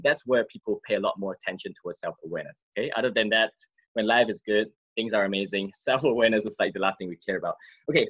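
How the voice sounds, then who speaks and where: A man with a husky, slightly breathy voice talks his viewers through an idea in a loose, conversational way. He keeps checking in with a quick "okay?" as he goes. The recording sounds dull and lo-fi. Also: medium pitch, fairly bright tone. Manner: checks in with frequent "okay?" and "right?". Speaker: wellness speaker. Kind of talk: casual explanatory talk to viewers.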